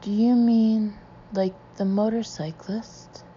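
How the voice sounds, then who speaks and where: A woman's voice: mid-range voice, steady tone, slow, mellow, slight background noise, lightly acted. A woman reading the part of an anxious male hypnotist, shifting between soothing and stern, in a dull lo-fi recording. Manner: soothing then stern and demanding.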